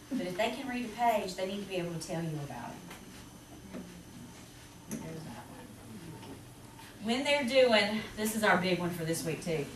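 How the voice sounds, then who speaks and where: Chatty Southern woman teacher, roomy classroom. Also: on the low side. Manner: chatty, lively, quick to laugh. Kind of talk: presentation to parents. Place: school classroom. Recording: roomy, distant, noisy classroom recording.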